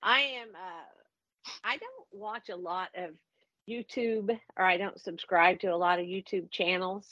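A woman co-hosting a podcast, chatting in an unhurried, self-deprecating way. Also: fairly low pitch, a bit bright, dry recording. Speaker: podcast co-host. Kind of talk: casual chat. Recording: dull, dry, lo-fi sound.

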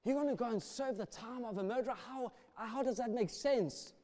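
Passionate preacher, high voice, echoing hall. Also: male voice, a little fast, warm tone. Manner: passionate, rising and falling in volume. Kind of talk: sermon. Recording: long reverb of a large hall.

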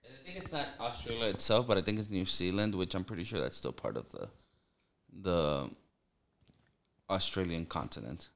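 An easygoing co-host chatting on a casual podcast, explaining things as the talk goes. The pitch moves around a lot, with lots of rises and falls. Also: lively intonation, moderate pace, vocal fry, a bit bright.

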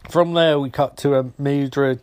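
A man's voice: mid-range voice, steady tone, unhurried, darkish tone. A young man casually recapping a TV episode, swearing often and rambling through jokey asides.

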